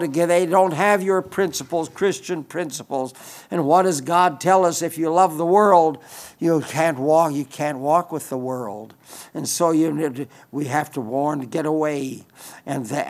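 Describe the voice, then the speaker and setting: Earnest man preaching, slightly high voice. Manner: earnest, repeats phrases for emphasis. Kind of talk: sermon.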